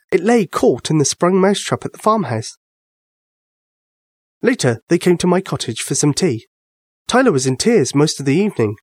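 A man narrating a children's bedtime story with an expressive reading. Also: fairly high pitch, husky, no echo.

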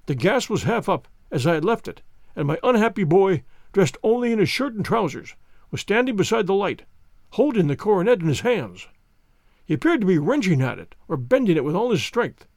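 Brief: male storybook reader, dramatic and animated, dry recording. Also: high-pitched, fairly quick, no echo. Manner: lively, dramatic reading. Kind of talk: audiobook narration with character voices.

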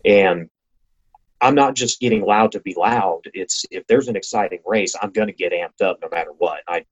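A man who works as a racing announcer, talking casually as an interview guest and describing his work with enthusiasm and frequent restarts. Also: deep voice. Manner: enthusiastic, talks in quick bursts with restarts. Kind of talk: casual conversation. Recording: lo-fi, slightly dull sound.

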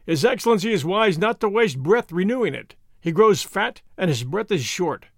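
A man's voice: sits high, animated, moderate pace, gravelly, no echo, studio quality, heavily acted. A man voicing a dashing masked outlaw hero who talks defiantly and taunts his foes. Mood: mocking.

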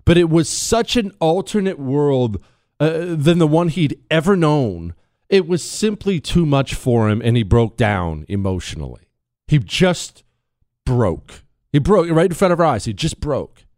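A man's voice: a little high, sing-song, measured pace, a little mellow, no echo, studio quality. A man hosting a talk radio show, telling a story in a monologue. He leans hard on his points, repeats lines for effect and throws questions at the listener.

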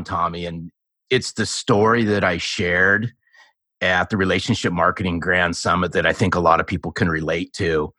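Male guest in his 50s, low voice with a bright edge, dry close mic, lively storyteller. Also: dry recording. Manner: animated storyteller, acts out quoted dialogue. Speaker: podcast guest, sales author. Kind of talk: casual storytelling interview.

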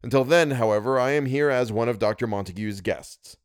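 A man doing a flippant charming young gentleman. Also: medium pitch, a little fast, no echo, clean studio sound, close to an everyday voice. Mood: gallant. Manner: gallant, mock-theatrical.

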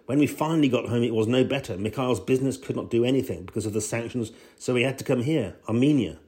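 A man's voice: medium pitch, fast, darkish tone, close to an everyday voice. Male reader voicing an eager, friendly Russian woman, read straight with no put-on voice.

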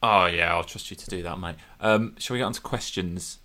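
Male podcast host, deep voice. Friendly, upbeat, reads listener questions. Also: a little fast, sharp tone. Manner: friendly, upbeat, says "mate". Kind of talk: casual podcast chat.

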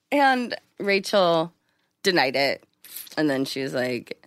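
A woman casually telling a personal story in an interview, acting out quoted lines with big jumps in pitch. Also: sing-song, unhurried, creaky, no echo. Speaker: interview guest.

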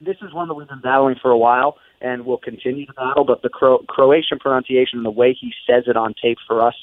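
Guy calling in on a tinny dry phone line, measured explainer. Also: mid-range voice, fairly even intonation, dry recording. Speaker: guest announcer. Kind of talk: casual chat by phone.

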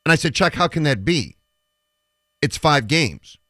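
A man's voice: on the high side, expressive, measured pace, sharp tone, no echo, studio quality. A man hosting sports talk radio, making emphatic predictions and retelling stories with quoted dialogue.

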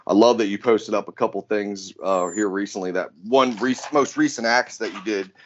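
A man's voice: lowish voice, moderate pace. A man hosting a podcast, talking casually with lots of fillers and swearing. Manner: casual, profane, rambling with fillers. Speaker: podcast host. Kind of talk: casual chat. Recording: dull lo-fi sound.

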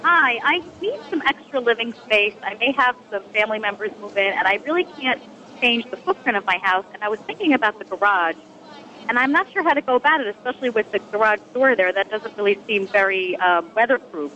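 Bright-voiced woman calling into a radio show. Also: medium pitch, expressive, brisk. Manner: hesitant, asking for advice. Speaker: caller. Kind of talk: phone-in question. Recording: dull lo-fi phone line.

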